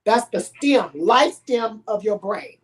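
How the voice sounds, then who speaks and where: A woman's voice: on the high side, lively intonation, slow pace, slightly rough. Brief: middle-aged woman, emotional storytelling, dramatic delivery with acted quotes. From Houston, Texas. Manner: dramatic, acts out pleading and quotes with big swings. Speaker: guest telling a personal story.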